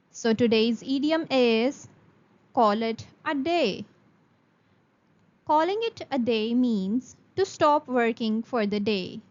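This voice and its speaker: A woman teaches a beginner English lesson in a high voice. She talks slowly and carefully and repeats each word for her students. The recording sounds a little dull and lo-fi. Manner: slow, careful, repeats words for practice.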